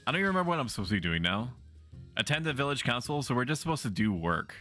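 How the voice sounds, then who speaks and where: A man's voice: fairly low pitch, bright, forceful tone. A man streaming a game, chatting playfully and bawdily with his viewers in a teasing, casual way. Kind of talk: casual gaming commentary.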